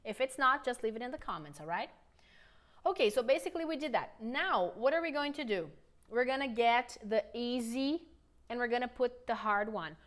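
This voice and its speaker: High-voiced upbeat woman teaching English. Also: lively intonation, fairly bright tone. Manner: upbeat, coaxing, slows down for model sentences. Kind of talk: online English lesson with repetition drills.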